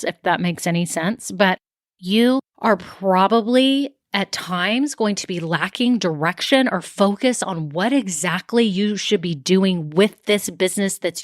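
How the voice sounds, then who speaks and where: A middle-aged woman hosting a casual solo podcast as a business coach, chatty and acting out her own thoughts in quick asides. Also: medium pitch, no room sound, clean studio sound.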